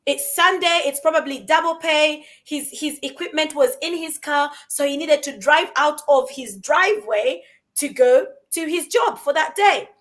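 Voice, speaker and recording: High-voiced woman telling a story. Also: measured pace. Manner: animated storyteller, asks rhetorical questions. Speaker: co-host. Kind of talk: conversational storytelling.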